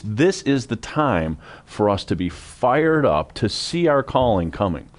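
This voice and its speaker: A man's voice: medium pitch, sing-song, measured pace, hardly any pauses. A man hosting a ministry talk show, earnestly encouraging the audience and prompting his guest. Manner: earnest, exhorts the audience directly.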